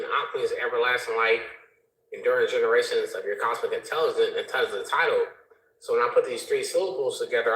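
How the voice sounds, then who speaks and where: A man joining an online panel chat as a guest, telling stories in an excitable, rambling way. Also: mid-range voice, roomy sound, poor audio.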